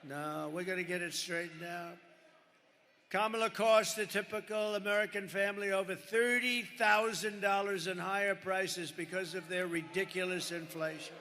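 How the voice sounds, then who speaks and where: An older male candidate rambles through a campaign rally speech at a podium microphone, piling on superlatives and asides to the crowd. His voice is high-pitched, steady and sharp at normal speed, and the packed venue gives echoey arena sound with crowd noise.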